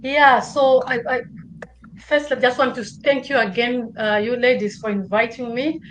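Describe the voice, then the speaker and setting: A woman's voice: fairly high pitch, fairly even intonation, normal speed, a little hiss or hum, rough recording. A woman guest speaker on a video call, giving earnest, emphatic motivational parting words and repeating points for stress.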